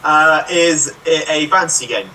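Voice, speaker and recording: A man playing a guessing game, eager and quick to curse his misses. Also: a little high, sharp tone. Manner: eager, frustrated outbursts. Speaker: contestant. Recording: distant mic, faint noise.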